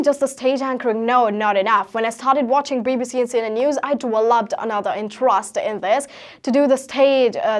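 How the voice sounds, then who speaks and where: A teenage girl from Haryana with an Indian English accent, giving a motivational talk and telling her story with lots of rhetorical questions. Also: fairly high pitch. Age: teens. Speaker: guest speaker.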